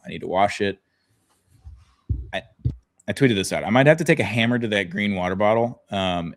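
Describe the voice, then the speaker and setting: A young man co-hosting a sports podcast, rambling and joking with casual swearing. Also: low-pitched. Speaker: podcast co-host.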